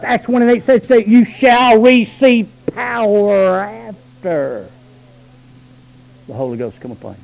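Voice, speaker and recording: Preacher guy, high voice, goes from mumbly fast asides to big drawn-out shouting. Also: vocal fry, low-quality recording. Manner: swings from low talk to high shouted calls. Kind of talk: sermon.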